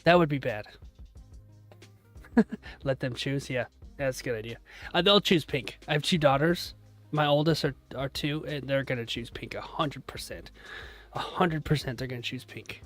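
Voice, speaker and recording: A man's voice: mid-range voice, normal speed, long pauses, soft background music. A man hosting a casual live stream, chatting and joking with his viewers and thanking them often. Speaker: live-stream trading host.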